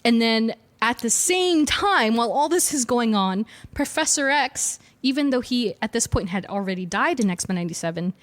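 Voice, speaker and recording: A woman's voice: fairly high pitch, animated, normal speed, hardly any pauses. A woman co-hosting a podcast, casually and animatedly retelling a comic story with frequent laughs and slangy asides. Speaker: podcast co-host. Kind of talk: casual chat recapping comics.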